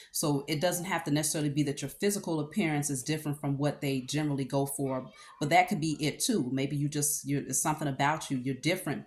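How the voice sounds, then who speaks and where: Her voice is low, and her tarot reading feels like a casual conversation. She frequently checks in with the listener and drops fillers and easygoing asides into the pauses.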